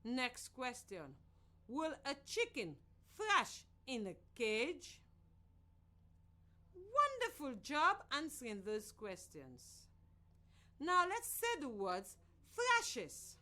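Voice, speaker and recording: A woman from Sierra Leone teaching a children's reading lesson on the radio in a slow, clear, sing-song voice. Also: high voice, huge pitch swings, sharp tone.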